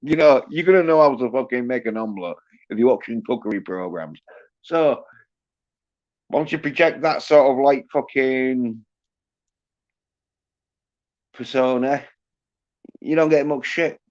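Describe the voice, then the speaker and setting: A man's voice: mid-range voice, measured pace, long pauses, darkish tone, muffled recording. A man hosting a livestream, ranting in a rambling, boastful way with constant swearing. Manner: profane, boastful, laughs at own jokes. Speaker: livestream host.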